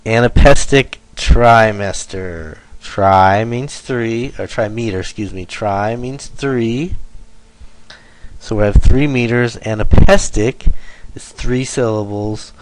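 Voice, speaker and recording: A man's voice: lowish voice, slow pace, no echo, poor audio. A male teacher giving a lesson, explaining step by step and correcting himself as he goes. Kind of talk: lecture over slides.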